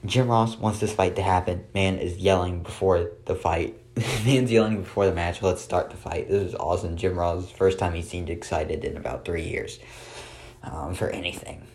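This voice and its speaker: A man with a very low voice talks through a wrestling show on his own. His recap is casual and dry, with sarcastic asides and plenty of filler words. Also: fairly even intonation, moderate pace, a little mellow.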